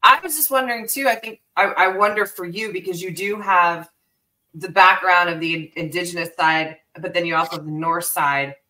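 A woman co-host asks long, winding questions and chats freely as she goes. Her voice is low for a woman but bright and clear. She sounds set back from the microphone. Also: normal speed, distant mic, poor audio. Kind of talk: casual chat.

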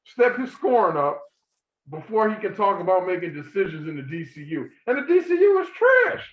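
A high-pitched man rants in heated casual chat, swearing freely and pushing his voice up when worked up. The sound is roomy and echoey with a dull, lo-fi tone. He talks like a podcast co-host arguing a point. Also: very animated, brisk, background noise. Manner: ranting, profane, swings loud and high when worked up.

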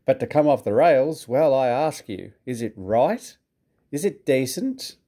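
A man's voice: medium pitch, big pitch swings, unhurried, dark tone. A man voicing a pompous, proud male steam engine who talks in a huffy, indignant way in a storybook reading.

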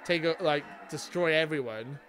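Man reacting loudly to a TV finale. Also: fairly high pitch, moderate pace, faint music behind. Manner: talks back at the screen, swings from mutters to excited shouts. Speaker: reaction video host. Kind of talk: live reaction commentary.

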